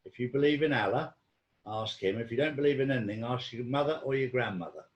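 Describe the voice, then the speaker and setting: A man's voice: mid-range voice, fast, roomy sound. A man in casual conversation, telling rambling stories with lots of ums and restarts. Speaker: guest.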